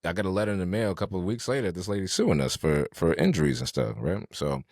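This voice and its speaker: A man co-hosting a podcast, telling stories in a slangy, animated, casual way. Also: low voice, fast, no echo, studio quality. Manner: slangy, animated storyteller with restarts. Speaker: podcast co-host. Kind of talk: casual storytelling chat.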